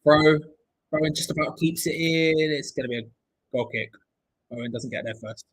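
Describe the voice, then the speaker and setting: A man's voice: mid-range voice, fairly quick, husky, poor audio. A young man hosting a live football watch-along, chatting, joking and reading out viewer comments. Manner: chatty, jokey, reads viewer comments aloud.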